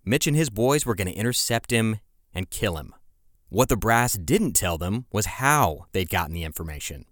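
A man's voice: lowish voice, expressive, moderate pace, a bit bright, dry recording, studio quality. A man hosting a podcast, telling a history story in scripted narration with casual, conversational asides. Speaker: podcast host.

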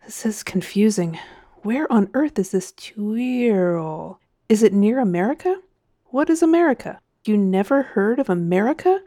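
A woman's voice: medium pitch, expressive, moderate pace, mellow, no echo, studio quality, close to an everyday voice. A woman voicing a weary male spaceship captain who stammers out puzzled questions in a storybook reading. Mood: baffled.

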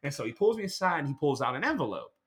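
A man in casual podcast chat, telling a rambling, animated story. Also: on the high side, rapid-fire, slightly rough.

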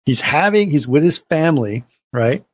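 A man's voice: a little high, animated, normal speed, dry recording. A man in a casual film discussion, animatedly retelling scenes and acting out the characters' lines.

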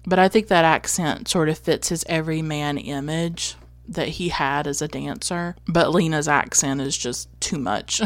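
A woman with a low voice talks casually about classic movies on her podcast. She is reflective and earnest, with light laughs and the odd restart. The sound is dry and close, with no room around her. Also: no room sound. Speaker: podcast host. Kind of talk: casual film commentary.

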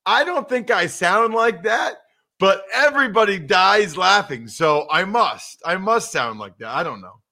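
Bright-voiced man in casual sports talk. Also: sits high, a little slow. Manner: animated, conversational, self-mocking. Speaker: podcast co-host.

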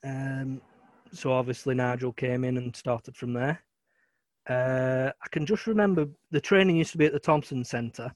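A man's voice: mid-range voice, steady tone, moderate pace, dry recording. A man talking casually as a guest about his early cricket years, hesitant with many ums. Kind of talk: casual chat.

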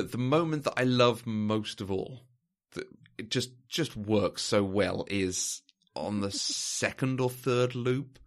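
A man co-hosting a casual film discussion, thoughtful and hesitant, with plenty of fillers and restarts. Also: fairly low pitch. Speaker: podcast co-host.

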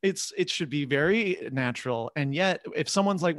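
A man teases his co-host with mock-serious, over-the-top praise in casual podcast banter. His voice is a little higher than most men's. The close mic sounds dry, with no room around it. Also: lively intonation, moderate pace, dry recording. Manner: teasing, mock-earnest, exaggerated praise. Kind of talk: casual chat.

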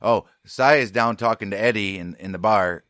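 A man's voice: on the low side, normal speed, fairly bright tone, no echo, clean studio sound. A man co-hosting a podcast, chiming in with frequent agreement and profane retellings of scenes. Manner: profane, laid-back, frequent agreeing interjections. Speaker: podcast co-host. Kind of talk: casual recap chat.

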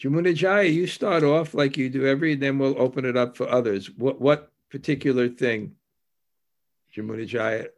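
A man teaching a spiritual class in an informal, animated way, laughing between phrases. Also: medium pitch, moderate pace. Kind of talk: informal religious class discussion.

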